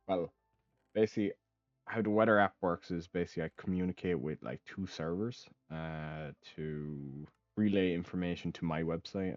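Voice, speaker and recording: Rambling young man, very low voice. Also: a little mellow, no echo. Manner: rambling, many ums and uhs; casual, swears offhandedly. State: hiccups. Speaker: gaming channel host. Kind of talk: casual let's play commentary. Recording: dull, dry lo-fi mic.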